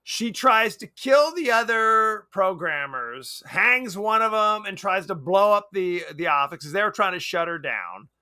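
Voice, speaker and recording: A man's voice: high-pitched, very animated, measured pace, few pauses, bright, forceful tone. A man co-hosting a podcast, chatting casually and animatedly about a movie, often laughing and acting out lines. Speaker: podcast co-host.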